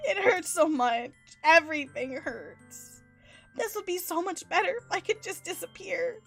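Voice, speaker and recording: A sunny teenage girl with a sorrowful core, from a visual novel, voiced by a woman reading along. The voice is very high. The tone stays soft and plain rather than heavily acted. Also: moderate pace, faint music behind. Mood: sad. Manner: read aloud casually from game text. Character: cheerful teen girl hiding deep sadness.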